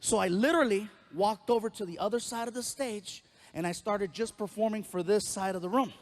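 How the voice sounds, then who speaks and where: A man doing animated stand-up storytelling on a live stage, acting out the people in his story. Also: high voice, a little fast, slight background noise. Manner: animated storyteller who acts out other voices. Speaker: stand-up comedian.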